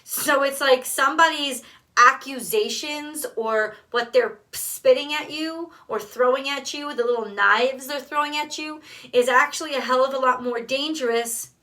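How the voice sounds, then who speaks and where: A woman's voice: high voice, sharp tone. A woman giving a casual tarot card reading in a blunt, emphatic way, swearing freely. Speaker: tarot reader.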